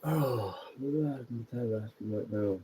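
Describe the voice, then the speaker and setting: A man telling a rambling, sweary story in a casual, relaxed way. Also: medium pitch, normal speed. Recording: tinny phone-like sound with faint background noise.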